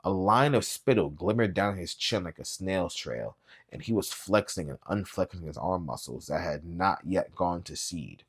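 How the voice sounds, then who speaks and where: A man reading a novel aloud as a booktube reader, with quiet, low-key, even narration. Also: normal speed, breathy edge.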